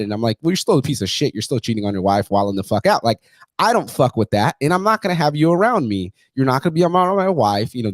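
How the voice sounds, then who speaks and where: A man's voice: mid-range voice, darkish tone, no room sound. A man in his thirties talking bluntly and profanely about his family in a casual conversation.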